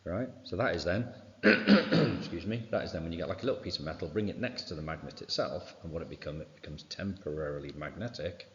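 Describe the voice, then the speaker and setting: Very deep-voiced male teacher, revision lesson. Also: expressive, a little fast. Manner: informal, fills with "right" and "okay". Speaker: science teacher. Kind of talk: exam revision walkthrough. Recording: dull sound with long reverb.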